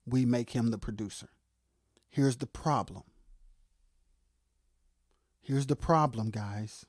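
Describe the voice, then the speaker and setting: A livestream co-host giving impassioned commentary on music production. They get fired up and shout, then drop into quiet asides, and repeat phrases for emphasis. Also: mid-range voice, dry recording, clean studio sound. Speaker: co-host of a live music talk stream.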